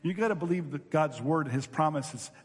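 A man preaches a sermon, his voice a touch high and breathy-husky. He tells stories with animation, stopping now and then to act out the people in them. The reverb of a large hall trails after each phrase. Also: brisk. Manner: animated storytelling, acting out voices with laughs. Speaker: pastor.

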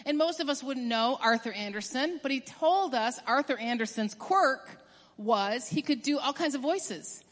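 A woman preaching a sermon in an emphatic way, rushing through some phrases and stretching out others for stress. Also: high-pitched, animated. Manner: emphatic, swings from quick bursts to drawn-out stresses. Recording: long hall reverb.

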